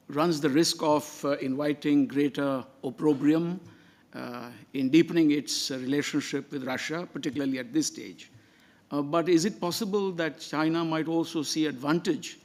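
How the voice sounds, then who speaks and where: A man who heads a defence institute, asking a measured question from the floor with frequent hesitations. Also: on the high side, darkish tone. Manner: measured, many hesitant uhs. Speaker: think-tank director asking a question.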